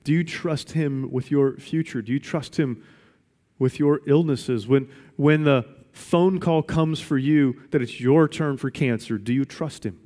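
A male pastor delivering a sermon in an emphatic style, returning to the same question again and again to drive it home. His voice sits at an ordinary middle pitch for a man. A long reverb trails his words, as in a large church sanctuary. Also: unhurried, warm tone. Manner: emphatic, repeats questions for weight.

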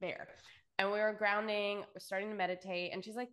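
A woman's voice: medium pitch, fairly even intonation, a little fast, fairly bright tone. A woman co-hosting a podcast in casual chat, effusive and full of fillers and swearing. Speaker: podcast co-host.

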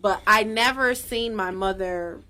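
A woman's voice: mid-range voice, measured pace, slight background noise. Supportive woman co-hosting a live chat. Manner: relaxed and supportive, lots of affirming. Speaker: livestream co-host. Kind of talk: casual chat.

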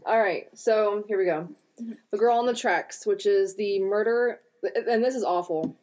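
A woman co-hosting a podcast, chatting casually and telling a true crime story, joking and swearing, often clearing her throat. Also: medium pitch, unhurried, a little mellow. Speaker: podcast co-host.

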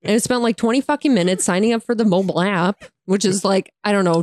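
A young woman recounting a bad experience in a casual, exasperated rant. She laughs often, swears freely and leans on "like" constantly. Her voice sits at an ordinary middle pitch and sounds dry and close, with no room echo. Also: fast, hardly any pauses, darkish tone. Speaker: vlogger.

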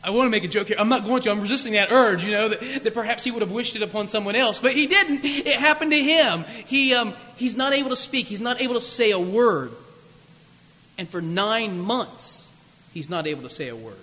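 High-voiced preacher in a big hall. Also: male voice, brisk, pushed and bright. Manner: conversational, jokey, many asides. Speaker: pastor. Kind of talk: sermon.

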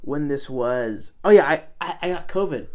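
A young man telling a story in casual chat, animated and swearing, full of fillers and restarts. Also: a little high, normal speed. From Armenian background.

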